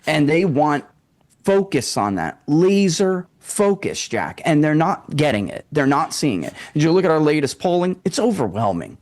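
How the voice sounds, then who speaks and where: A man's voice: a little high, sing-song, normal speed, darkish tone. A man giving political commentary in conversation, pressing his points with earnest emphasis.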